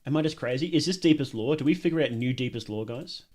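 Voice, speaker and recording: A man streaming a casual reaction who gets excitable, laughs often and thinks out loud. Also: mid-range voice, quick pace.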